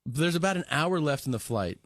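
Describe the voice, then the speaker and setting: Animated man telling a comedy story. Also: fairly high pitch, brisk, no room sound, clean studio sound. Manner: animated, acts out both sides of the dialogue.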